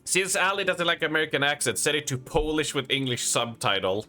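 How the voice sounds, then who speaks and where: Lively, bright-voiced man streaming a game. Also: a little high, fairly quick, faint music behind. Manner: chatty, talks to chat, reads in-game letters aloud. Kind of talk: live gameplay commentary, reading game text aloud.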